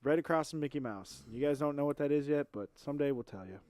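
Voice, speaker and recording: A man's voice: a little high, fast, darkish tone, a little hiss or hum. A man co-hosting a casual podcast, teasing his partner and echoing his lines back at him. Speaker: podcast co-host.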